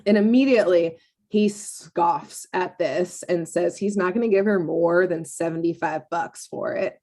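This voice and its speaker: A woman's voice: on the low side, a little slow, dark tone. A woman co-hosting a podcast, recapping a cartoon episode in a loose, rambling way, full of fillers and laughter. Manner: rambling, filler-heavy storytelling with frequent laughs. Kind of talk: casual chat.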